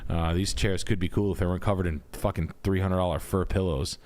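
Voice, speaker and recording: Man, low-pitched voice, live-stream host, crude profane jokes, riffing commentary on house listings. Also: fairly even intonation, fast, darkish tone. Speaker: realtor reviewing house listings, show host.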